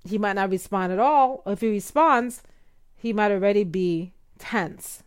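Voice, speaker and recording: A woman hosts a podcast as a speech coach, talking listeners through tone of voice. She explains plainly and acts out softer phrasings with a rising lilt to show her point. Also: medium pitch, normal speed, clear, resonant tone. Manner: demonstrates tones, rising uptalk in quoted examples. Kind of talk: instructional podcast talk.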